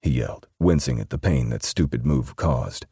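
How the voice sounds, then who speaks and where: A man reading an audiobook in steady, measured scripted narration. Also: rumbling low, vocal fry, slightly rough, dry recording, studio quality.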